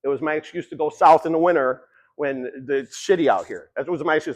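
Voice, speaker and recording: A man's voice: a little high, quick pace, low-quality recording. A man giving a long-winded, conversational motivational talk about addiction, swearing casually as he tells stories. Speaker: speaker.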